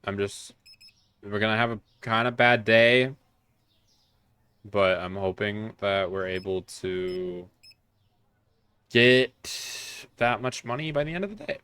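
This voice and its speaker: A man's voice: on the low side, animated, takes it slowly, long pauses, pushed and bright, clean tone, dry recording. Rambling, self-mocking male game streamer. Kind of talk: casual let's-play commentary.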